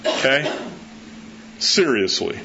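Animated middle-aged preacher, conversational. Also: male voice, takes it slowly. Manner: conversational, animated, acts out quotes with rising pitch. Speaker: pastor. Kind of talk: sermon. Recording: slightly dull sound with faint background noise.

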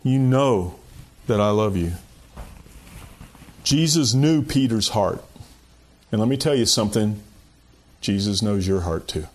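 A man's voice: lowish voice, animated, a little slow, pauses often, darkish tone. A man preaching a sermon in a conversational, folksy way, often saying "you know" and chuckling. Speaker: pastor.

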